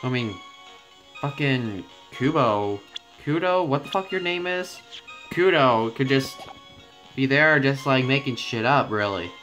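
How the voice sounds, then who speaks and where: A man's voice: medium pitch, a bit bright. A gaming YouTuber, a man, rambles through casual commentary full of swearing. His talk is loose and off the cuff. Game music plays steadily behind him. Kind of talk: casual let's-play commentary.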